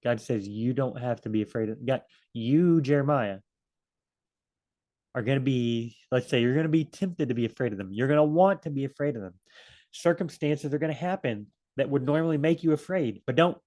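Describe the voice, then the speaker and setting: A man's voice: medium pitch, moderate pace, warm tone. A man teaching a casual Bible study, rambling, correcting himself and acting out quoted lines. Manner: rambling and self-correcting, acts out quotes in different voices.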